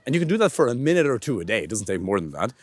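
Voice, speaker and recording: A male coach giving an energetic, animated instructional talk to camera outdoors in a park. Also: mid-range voice, very fast, dry recording. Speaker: dating and voice coach.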